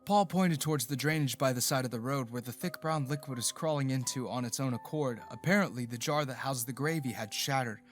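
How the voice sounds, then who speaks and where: A man giving a scripted first-person narration of a romance story, steady and even. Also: mid-range voice, fairly quick, few pauses, soft background music.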